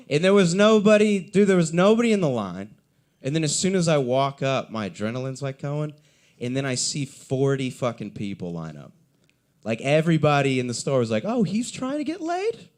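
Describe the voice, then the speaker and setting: Rambling young man doing stand-up. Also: mid-range voice. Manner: rambling, self-deprecating storytelling with acted-out quotes. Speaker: stand-up comedian. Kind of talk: stand-up comedy set at an open mic. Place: coffee shop open mic.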